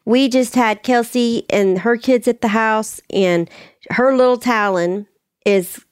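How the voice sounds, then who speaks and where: A middle-aged woman, hosting a parenting podcast and giving casual advice through animated stories. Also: on the high side, slow pace, clear, resonant tone, no echo, studio quality. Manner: warm storytelling, animated, acts out quotes. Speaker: parenting podcast host, expert.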